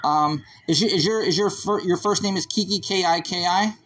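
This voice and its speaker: A man working as a police officer, calmly questioning a witness in a conversational way with frequent restarts, recorded on his bodycam. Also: high voice, moderate pace. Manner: calm, conversational, stammers and restarts.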